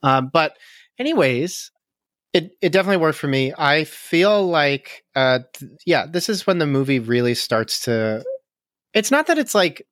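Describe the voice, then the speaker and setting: A man co-hosting a podcast, reflecting on a movie in a thoughtful, halting way. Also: fairly high pitch, expressive, fairly bright tone, no echo, studio quality. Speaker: podcast co-host. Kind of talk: casual movie review chat.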